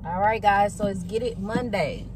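A woman's voice: mid-range voice, moderate pace, far from the mic, background noise. A middle-aged woman vlogging casually while driving, candid and chatty, swearing freely. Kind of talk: casual vlog talk. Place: in a car, driving.

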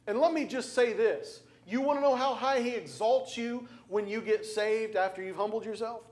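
Male preacher, high-pitched, emphatic delivery with repetition and direct questions. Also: moderate pace, a little mellow. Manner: emphatic, repeats phrases for stress; asks the congregation direct questions. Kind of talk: sermon.

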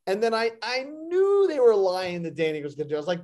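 A man with a high voice tells a rambling, animated story, jumping into the voices of the people he quotes. It is an easygoing interview, and he plays it for laughs. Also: fast, few pauses. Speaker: actor guest. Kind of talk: casual interview anecdote.

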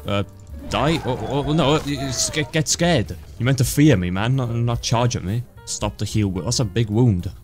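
A man casually commentating his own gameplay, joking around and swearing often in excited reactions. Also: mid-range voice, normal speed, faint music behind. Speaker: gaming YouTuber. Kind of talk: casual let's play commentary.

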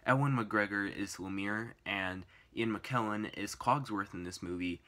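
A man's voice: fairly low pitch, a little slow, bright, forceful tone. A young man giving a casual, enthusiastic movie review, rambling with fillers and restarts.

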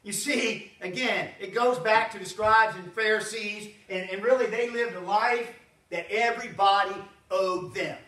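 A man pastor, preaching a folksy, animated sermon with frequent asides to the congregation. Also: high voice, unhurried. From Southern United States. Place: church sanctuary. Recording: roomy church sound from a distance.

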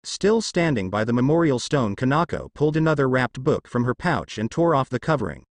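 A man reads a fanfiction story aloud as an audiobook narrator. His pitch is animated and expressive, and his voice sits in the middle range. The sound is dry and close, with no room echo. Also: fairly quick.

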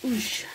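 A woman with a Northern English accent who rambles chattily and talks to herself during a casual unboxing vlog. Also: a little hiss or hum. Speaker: vinyl unboxing vlogger.

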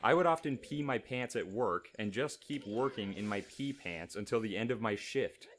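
A man's voice: on the low side, animated, normal speed, slight background noise. A man co-hosting casual gameplay commentary, reading aloud with crude jokes and giggles. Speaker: co-host of a gameplay show.

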